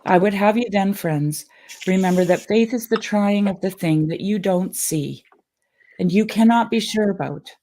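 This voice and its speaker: A woman's voice: medium pitch, moderate pace, warm tone. A woman reading an old sermon aloud in an earnest, emotional way, then chatting casually.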